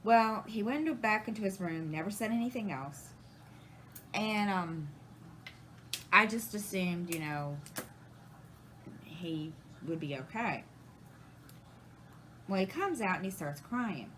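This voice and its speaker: A woman's voice: mid-range voice, expressive, takes it slowly, long pauses, fairly bright tone, slight background noise, low-quality recording. Rambling woman telling a story. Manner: rambling, retells conversations, many restarts. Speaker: crafting channel host. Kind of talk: casual storytelling to camera.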